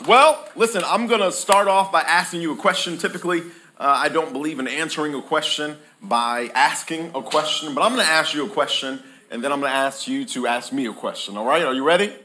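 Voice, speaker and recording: Animated preacher man with a bright voice. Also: a little high, a little fast, a little hiss or hum. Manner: playful, jokes with the congregation, calls for responses. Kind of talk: lively sermon with audience call-and-response. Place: church hall with live congregation.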